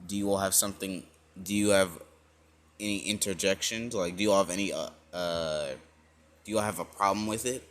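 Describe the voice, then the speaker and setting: A man voicing a calm, self-assured young male hero in a casual retelling of a fan story. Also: low voice, a little fast, slight background noise. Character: calm confident young male hero, older brother type.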